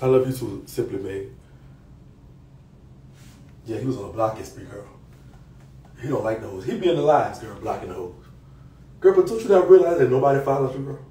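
A man ranting on a live stream, loud, taunting and profane, laughing often. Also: mid-range voice, animated, brisk, pauses often, roomy sound, recorded from a distance, low-quality recording. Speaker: social media personality.

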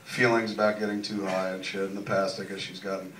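Audience laughter and room noise fill this distant, echoey recording of a man hosting a live podcast in a large cinema. He talks fast in a low, level, fairly bright voice, telling a loose, swear-heavy comic story with a relaxed air.

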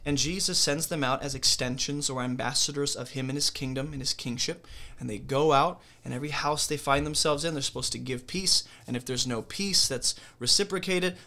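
Leading a conversational Bible study, a male teacher with a medium-pitched, sharp voice reads scripture aloud and then explains it casually. He checks in with the listener often.

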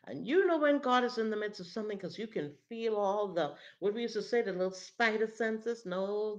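A woman's voice: mid-range voice, lo-fi sound. A woman preaching a dramatic, emphatic sermon and often asking "hmm?" to draw in her listeners.

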